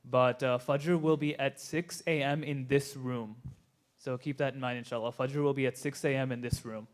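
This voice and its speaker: A man with a mid-pitched voice makes short housekeeping announcements as the event announcer. He keeps it brief and matter-of-fact. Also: fairly even intonation, normal speed.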